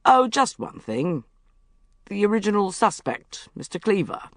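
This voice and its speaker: A calm, reassuring police inspector who talks slowly and evenly, as an audiobook reader puts him on. His voice is gravelly and sits a bit further back, yet the booth stays dry. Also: mid-range voice, no echo, pitched above the performer's own voice. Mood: calm wry.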